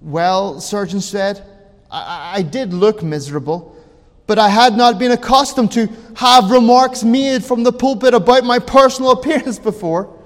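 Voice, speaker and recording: A man preaching a sermon, telling a story slowly and dramatically, dropping to near silence and then rising to loud emphasis. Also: high voice, in a large hall. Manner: slow, dramatic, swings between quiet and loud.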